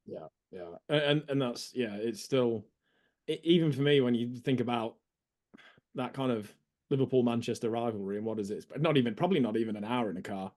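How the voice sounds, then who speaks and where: A British man from near Birmingham chatting casually as an interview guest, joking and halting in a laid-back way. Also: mid-range voice, darkish tone. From England, near Birmingham. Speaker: guest, dating site member.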